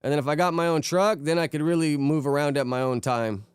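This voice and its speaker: A young man streaming live, talking in a loose, rambling way and greeting chatters one by one. His voice is very smooth and clean and sits slightly high for a man. The sound is close and dry, with no room in it. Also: steady tone, fast talker, dry recording. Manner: laid-back, rambling, greets chatters by name. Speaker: streamer reacting to videos and chat. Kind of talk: casual live-stream chat.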